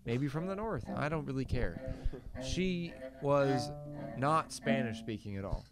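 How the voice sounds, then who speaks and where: A man's voice: mid-range voice, animated, a little slow, over loud music. Crude, rambling storyteller man. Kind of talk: casual comedy storytelling.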